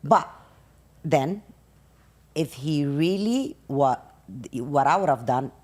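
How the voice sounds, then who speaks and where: A woman's voice: deep voice, expressive, takes it slowly, darkish tone. A middle-aged woman, a mother and podcast guest, giving her opinions emphatically in casual conversation.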